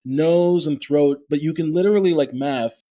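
Animated male voice actor explaining craft. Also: on the high side, moderate pace. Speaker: actor and voice actor, guest. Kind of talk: conversational interview.

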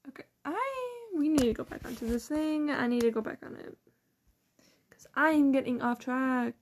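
A woman's voice: high-pitched, lively intonation, moderate pace, a little hiss or hum. A teenage girl, rambling in casual chat about school and quoting people while she giggles. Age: teens. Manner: rambling, giggly, quotes people in mocking voices. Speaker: student vlogger.

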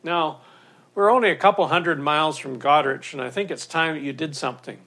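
A man voicing a brisk, confident boat owner who talks in a chirpy, lecturing way. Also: a little high, bright, forceful tone. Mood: scolding. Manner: chirpy, lecturing, matter-of-fact.

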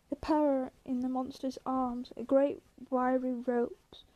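A woman reads a novel aloud in a steady, measured storytelling voice. Her pitch is high and stays even throughout, and her tone is warm and mellow. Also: low-quality recording. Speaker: audiobook reader.

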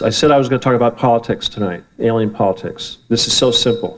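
Male speaker, mid pitch, loose and profane, working a live room. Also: quick pace, low-quality recording. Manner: rambling, heated and profane. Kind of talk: talk to a live audience. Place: event room with an audience.

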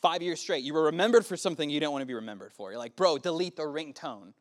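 A man's voice: fairly high pitch, big pitch swings, racing. A man in his early thirties preaching casually to a youth group, often asking the room questions. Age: 30s. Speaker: youth pastor. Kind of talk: youth sermon.

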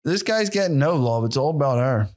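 Young male podcaster, solo monologue, slightly high voice, sarcastic and profane. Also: animated, a little fast, a little mellow. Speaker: podcast host.

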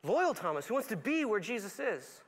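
A male pastor preaching a sermon, animated, acting out characters in quick voices and dropping to a soft, low tone for reflective points. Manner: animated, acts out voices of characters with big pitch swings.

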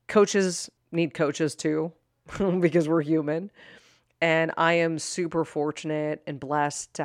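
A woman's voice: low voice, no room sound. Chatty woman life coach, dry close mic. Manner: candid, chatty, animated, with playful asides. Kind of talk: solo podcast talk.

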